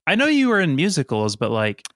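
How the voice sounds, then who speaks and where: A man co-hosting a comedy podcast, dropping unhurried quips between laughs. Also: fairly high pitch, wildly swooping pitch, a bit bright, no room sound, studio quality. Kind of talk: casual comedic chat.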